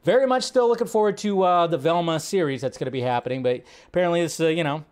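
A man's voice: fast talker, clear, resonant tone. A man hosting a live film news stream, talking casually and rambling with lots of fillers, his voice jumping up when he makes a point. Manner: chatty, rambling, filler-heavy; animated, pitch jumps up when making a point.

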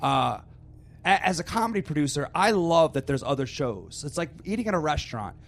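A man's voice: fairly high pitch, big pitch swings, a little fast, vocal fry. A man hosting a casual podcast as a comedy producer, teasing and enthusiastic.

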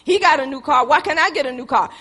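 A woman preaches in a high, bright voice, rising to loud exhortation and dropping to hushed storytelling. She calls her congregation "y'all." Her voice rings through a reverberant hall. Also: quick pace. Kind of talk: sermon with personal storytelling.

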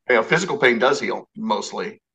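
Bright-voiced man hosting, rambling. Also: medium pitch, vocal fry, low-quality recording. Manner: rambling, casual, swears, restarts a lot. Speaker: podcast host. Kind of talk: casual interview chat.

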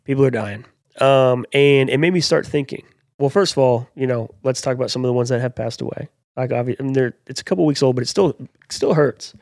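A man's voice: medium pitch, fairly quick, darkish tone, no echo, studio quality. A young man hosting a podcast in casual chat, rambling with lots of fillers and jokes. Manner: rambling, filler-heavy, joking. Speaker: podcast host.

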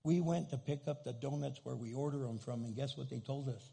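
A male pastor preaching a sermon with a husky voice, animated and playful, acting out grumpy people in comic asides. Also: medium pitch, brisk, few pauses. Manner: animated, acts out angry churchgoers in comic asides.

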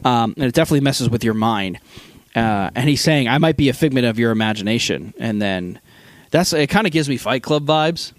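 A man co-hosting a casual film review, retelling scenes with lots of fillers and quick acted-out quotes. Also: mid-range voice, lively intonation, no room sound. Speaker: podcast co-host.

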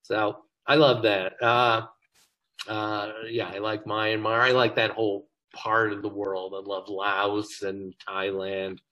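A man's voice: lowish voice, level tone, slow, bright, forceful tone, rough recording. An older man, a comedy writer as an interview guest, telling self-deprecating stories in casual chat. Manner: self-deprecating, joking storyteller.

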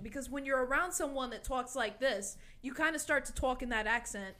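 Young woman, bright voice, animated storyteller, faint background hiss. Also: high voice, fairly quick, few pauses. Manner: animated storyteller, swears freely, quotes friends in voices. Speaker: guest storyteller. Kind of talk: casual podcast chat.

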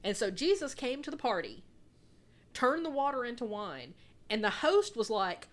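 Animated laughing woman podcaster. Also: fairly high pitch, normal speed. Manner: animated, laughs often, swears freely. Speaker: podcast co-host. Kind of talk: casual chat.

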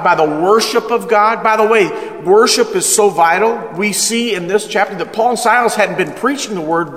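A man preaching a sermon as pastor, energetic and emphatic, calling the congregation to respond. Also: high voice. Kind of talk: sermon, Bible study teaching. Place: church hall with live congregation. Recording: echoey hall with long reverb.

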